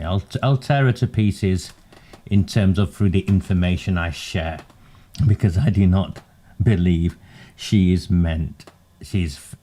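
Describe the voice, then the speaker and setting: Low-voiced man doing commentary. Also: warm tone. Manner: earnest and pointed, with wry asides. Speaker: political commentator hosting a livestream. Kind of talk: political commentary livestream.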